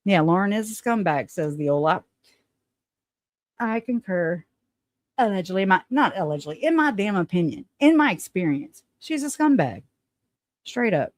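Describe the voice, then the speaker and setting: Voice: medium pitch, very animated, normal speed, pauses often, no room sound. Blunt, laughing livestream host, dry sound. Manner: blunt and opinionated, swears, laughs often. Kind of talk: casual livestream chat reading viewer comments.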